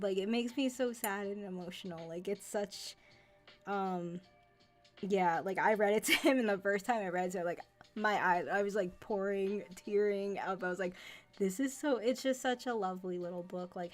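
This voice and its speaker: A young adult woman chatting casually on her livestream, rambling with lots of fillers and restarts. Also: lowish voice. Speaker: livestream host. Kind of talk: casual chat.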